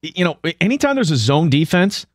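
A man's voice: a little high, big pitch swings, a little fast, dry recording, studio quality. A man hosting sports talk radio, ranting in frustration.

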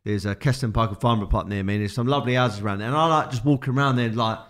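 Man hosting a podcast, mid-pitched voice, relaxed and anecdotal. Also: racing. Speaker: podcast host. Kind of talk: casual interview chat.

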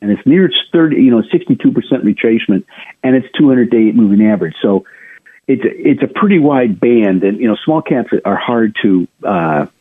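Man, radio host, market commentary, conversational, husky, tinny phone-line sound. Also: medium pitch, lively intonation, normal speed. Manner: chatty, addresses listeners directly, many restarts.

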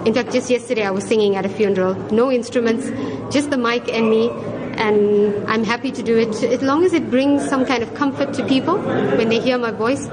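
Lady, restaurant owner, chatty, slightly high voice, people chattering behind. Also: moderate pace, crowd noise, rough recording. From South Africa. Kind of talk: news interview.

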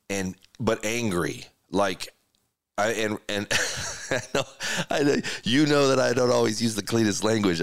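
A man's voice: lowish voice, a bit bright, smooth, no echo, clean studio sound. A middle-aged man, a podcast host, candidly telling a personal story in an earnest, emotional way, often restarting his sentences.

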